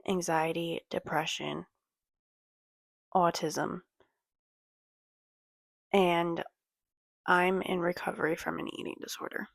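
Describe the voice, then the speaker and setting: A young woman talking casually to her camera late at night, halting with many ums and sighs. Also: on the low side, vocal fry, dry recording. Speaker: vlogger. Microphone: computer or phone camera.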